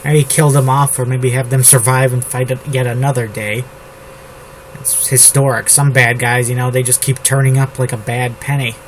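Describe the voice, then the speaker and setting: A man from the United States drafting his novel out loud, repeating words and phrases as he types them. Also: medium pitch, flat delivery, moderate pace, a little hiss or hum, poor audio. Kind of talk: thinking aloud while drafting a novel. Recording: loud keyboard typing over the voice. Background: keyboard typing.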